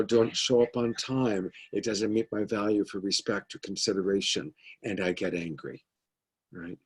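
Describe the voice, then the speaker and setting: A man leading a mentorship group as a love coach, teaching in a conversational, earnest way over a video call and trailing off into quieter asides. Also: fairly low pitch, slightly rough.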